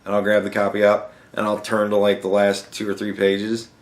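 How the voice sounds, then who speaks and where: With a completely flat delivery and a brisk pace, a young man rants sarcastically on his podcast in a fairly low voice. He swears constantly, and the recording is echoey.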